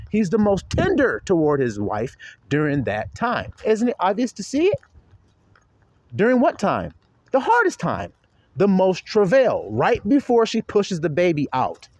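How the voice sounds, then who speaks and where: A man preaching an informal sermon to his followers, talking in slang and laughing often as he swings between soft and loud. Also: high voice, no echo.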